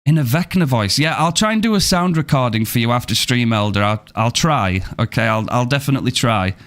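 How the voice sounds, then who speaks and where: A man's voice: mid-range voice, animated, fairly quick, fairly bright tone. Upbeat man chatting on a game stream. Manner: upbeat, thanks viewers and reads chat aloud. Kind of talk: casual live-stream chat.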